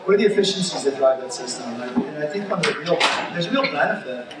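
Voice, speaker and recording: A man with a slightly high voice speaks hesitantly on a conference panel, often repeating his words. He sounds distant in a very echoey hall with clear room noise. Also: expressive, quick pace.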